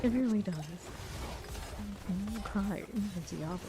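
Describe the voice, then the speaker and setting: A woman's voice: medium pitch, takes it slowly. A woman streaming a game live, rambling chattily and laughing often as she plays. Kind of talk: live gameplay commentary.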